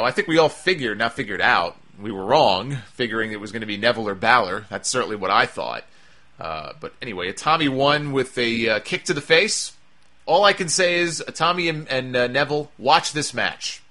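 A man's voice: medium pitch, sharp tone. A man giving a casual, chatty recap of a wrestling show, with wry asides and frequent fillers.

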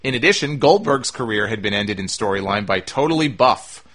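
A man's voice: fairly low pitch, expressive, fairly quick, a bit bright. A man hosting a podcast who answers listener mail in a conversational way. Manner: conversational, with frequent "uh" fillers and restarts. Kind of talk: casual podcast talk.

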